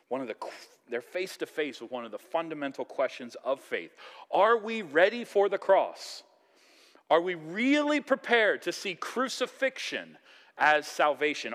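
Lively male preacher in a reverberant hall. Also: fairly high pitch. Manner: conversational, animated, acts out quoted voices. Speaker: pastor. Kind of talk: sermon.

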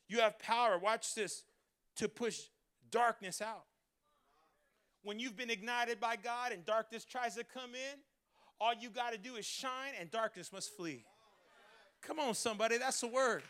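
A man preaching a Christmas sermon as pastor, calling the congregation to repeat after him and rising to shouts. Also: very high voice, normal speed, pauses often, smooth. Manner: preaching with congregation call-and-response, building to shouts. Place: church Christmas service.

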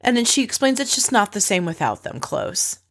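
A woman host recapping a reality show episode in a chatty, opinionated way, with quick asides. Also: mid-range voice, big pitch swings, gravelly, fairly bright tone. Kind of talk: casual recap chat.

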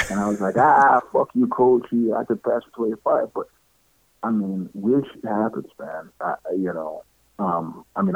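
This middle-aged man's voice is fairly low, with vocal fry and a breathy edge. As a guest in a casual interview, he tells stories, imitates what people said, and laughs often. The audio is dry with no echo, coming through a tinny phone-like line.

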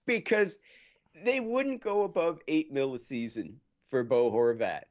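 A man from Nova Scotia co-hosts a hockey podcast in loose, casual chat. He is animated and quick to laugh, and he leans on plenty of "uh" fillers. His pitch is ordinary, and the sound is dull and lo-fi. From Nova Scotia, Canada. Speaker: podcast co-host.

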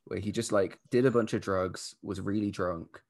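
A man who is a podcast guest, explaining a story in casual chat, low-key and full of fillers. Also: fairly even intonation, normal speed, a little mellow.

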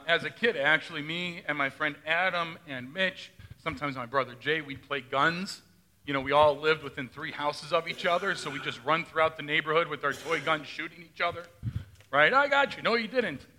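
A man's voice: a little high, pushed and bright. A male pastor giving a conversational sermon, often asking his congregation questions and retelling scripture in his own words.

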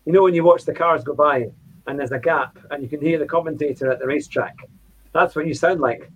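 A man hosting a casual online show, chatty and relaxed, often saying "aye". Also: a little high, quick pace, a little hiss or hum. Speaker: podcast host. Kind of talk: casual chat. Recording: dull lo-fi sound.

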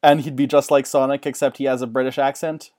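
A man in casual chat, excitable and rambling, often laughing. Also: mid-range voice, fast talker.

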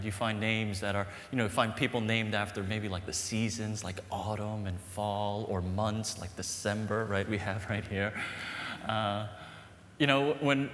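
A man preaching a sermon, animated and emphatic, telling stories with a laugh. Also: fairly low pitch, slight background noise. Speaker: pastor. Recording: echoey hall with long reverb.

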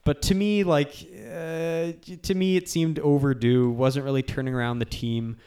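A man's voice: on the high side, fairly even intonation, normal speed, darkish tone, clear, resonant tone. A man hosting a casual sports podcast, talking loosely with frequent restarts. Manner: loose, rambling, restarts and laughs. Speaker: podcast host.

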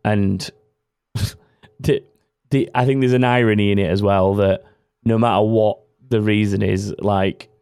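A man's voice: on the low side, steady tone, a little slow, vocal fry, pauses often, a little mellow, smooth, dry recording. A man hosting a casual podcast, rambling and correcting himself as he goes, laughing often. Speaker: podcast host. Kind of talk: casual chat.

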